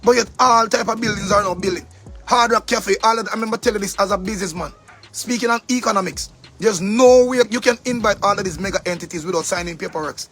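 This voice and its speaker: High-pitched, heated Jamaican man. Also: quick pace, a bit bright, faint music behind. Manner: angry, profane, preachy, repeats for emphasis. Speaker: commentator. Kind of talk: heated monologue rant.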